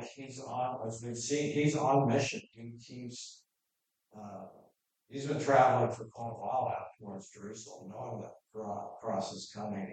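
A man's voice: mid-range voice, a little mellow. A man preaching a verse-by-verse sermon, reading scripture aloud and then explaining it in a plain, conversational way. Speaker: pastor. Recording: echoey room, voice from a distance.

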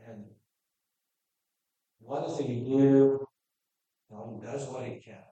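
A pastor with a medium-pitched, steady, dark voice preaches slowly through a sermon verse by verse, reading scripture aloud and then explaining it plainly and conversationally. The highs are cut off, and he sounds distant in an echoey room.

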